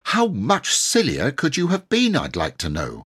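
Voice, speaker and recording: A man voicing a hot-tempered young boy, talking in a raised, excitable voice. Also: medium pitch, a little slow, breathy edge, voice pushed up. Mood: cross. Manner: cross, excitable.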